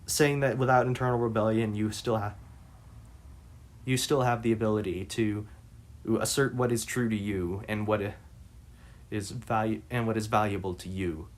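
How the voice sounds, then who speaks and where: Male reader-commentator, lowish voice, hesitant, self-correcting delivery. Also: steady tone. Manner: halting, many restarts and fillers. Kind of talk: reading aloud and commenting.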